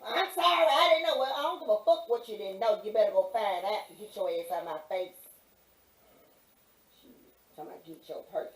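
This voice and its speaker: A woman with a Mississippi Southern accent telling a loud, profane story as a pastor's partner on his show. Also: mid-range voice, brisk, recorded from a distance. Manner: brash, cussing, animated retelling. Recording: echoey room, off-mic.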